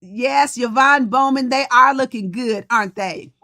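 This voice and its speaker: A woman's voice: fairly high pitch, a little slow, sharp tone. A middle-aged woman hosting a podcast livestream in casual chat, greeting viewers by name. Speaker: podcast host and coach.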